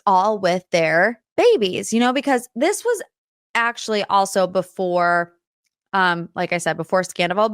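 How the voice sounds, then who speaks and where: A woman's voice: mid-range voice, no echo, clean studio sound. A young woman hosting a pop culture podcast in a chatty, rambling style with lots of tangents. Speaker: podcast host. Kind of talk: casual pop culture chat.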